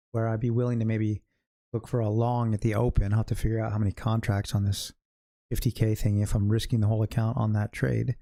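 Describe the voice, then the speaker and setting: A man's voice: mid-range voice, mellow. A middle-aged American man from California, talking casually on a trading livestream. He chats loosely and jokes as he goes, wanders off into stories, and chuckles at his own asides. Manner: chatty, jokey storyteller, laughs at own stories. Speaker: day-trading livestream host.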